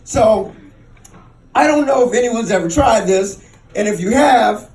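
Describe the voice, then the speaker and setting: Guy doing raunchy stand-up, really high voice, bouncy delivery, roomy club sound a bit off mic. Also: measured pace, recorded from a distance. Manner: crude, animated storytelling with high squealing voices for others. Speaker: stand-up comedian. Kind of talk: stand-up set. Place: comedy club stage.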